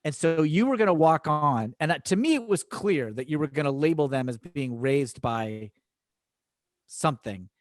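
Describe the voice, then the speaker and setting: A man, an improv teacher guesting on a podcast, telling animated stories in casual chat and laughing often. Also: a little high, moderate pace, no room sound, studio quality.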